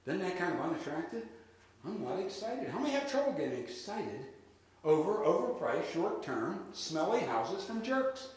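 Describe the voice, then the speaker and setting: A man giving a live sales seminar, lively and drilling the audience in call-and-response. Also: high-pitched, moderate pace. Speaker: real estate sales trainer. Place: large room with an audience. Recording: echoey hall with faint noise.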